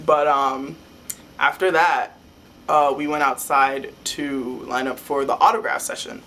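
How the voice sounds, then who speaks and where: A young woman telling a story to her vlog camera in a rambling, excitable way, full of "like" fillers. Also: a bass voice, normal speed, slight background noise. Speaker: vlogger. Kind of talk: casual fan storytelling.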